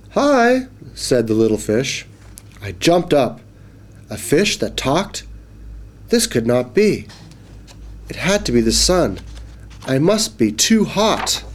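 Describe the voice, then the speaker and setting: A man narrating a children's storybook in a clear, measured read-aloud manner. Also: mid-range voice.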